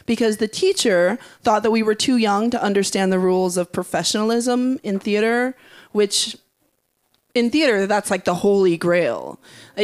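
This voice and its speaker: A woman telling a first-person story, candid and wry, with vivid present-tense narration and frank casual swearing. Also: on the high side.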